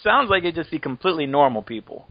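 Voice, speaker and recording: A man's voice: on the high side, animated, fast, dry recording, dull audio. A man hosting a podcast, chatting casually and joking around, laughing often as he rambles. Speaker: podcast host. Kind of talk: casual chat.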